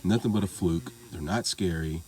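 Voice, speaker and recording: Low-voiced man in a rambling profane vlog. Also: normal speed, dark tone. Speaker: vlogger. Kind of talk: casual monologue vlog.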